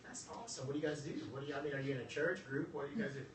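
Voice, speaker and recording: A man giving a joking, animated motivational talk to a group, acting out little dialogues as he goes. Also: fairly high pitch, racing, roomy sound, distant mic, background noise. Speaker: workshop speaker.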